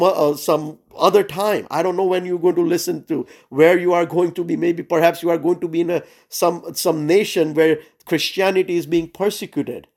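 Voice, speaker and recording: A man leading a Bible study over a video call, preaching urgently with many pauses and fillers. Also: fairly high pitch, a little mellow. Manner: earnest and urgent, frequent "uh" and "right?" fillers. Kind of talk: sermon-style Bible teaching. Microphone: Zoom call.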